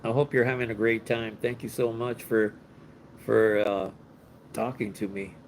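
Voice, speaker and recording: This man, a Los Angeles streamer in a hotel room, talks casually with his audience, reading out comments, laughing often and mixing in some Spanish. His pitch is fairly low and his delivery flat, at a normal speed. The audio is poor, with slight background noise.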